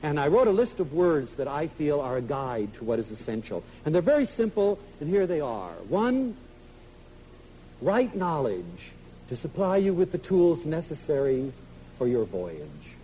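An animated male lecturer with a high, lively voice that swoops through a wide range. He talks emphatically and slips into little acted-out dialogues. Faint noise sits under the recording. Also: unhurried, poor audio. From United States. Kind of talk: inspirational public lecture.

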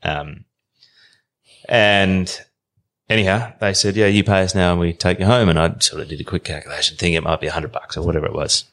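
Australian man in his 30s, deep, relaxed yarn-spinning guest. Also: brisk. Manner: animated, colloquial yarn-spinner. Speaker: podcast guest. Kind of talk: casual storytelling.

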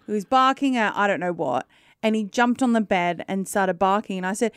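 Excitable giggly woman radio co-host. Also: mid-range voice, moderate pace, dry recording, clean studio sound. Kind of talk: casual radio banter.

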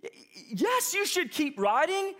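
A man's voice: very high voice, animated, normal speed, sharp tone, pitched above the performer's own voice, exaggerated voice. A man voicing a fit, older male beach local who talks in an insistent, preachy street way. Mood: incredulous.

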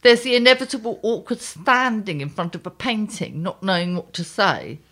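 An older woman co-hosting a casual chat, reading her own column aloud in a wry, lively way. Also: medium pitch, normal speed.

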